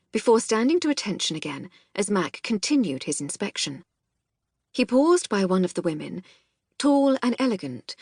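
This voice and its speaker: Woman narrating an audiobook, husky tone. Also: fairly low pitch, no echo, studio quality. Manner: measured, even storytelling. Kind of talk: scripted narration.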